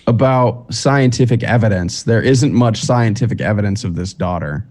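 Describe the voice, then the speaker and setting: A man's voice: on the low side, normal speed, darkish tone. A man guesting on a podcast, chatting casually in a rambling, joking way with trailing restarts. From United States. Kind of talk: casual chat.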